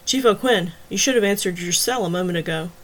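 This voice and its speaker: Brief: smug, taunting male villain, voiced by a woman narrator, unhurried mockery. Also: on the low side, lightly acted.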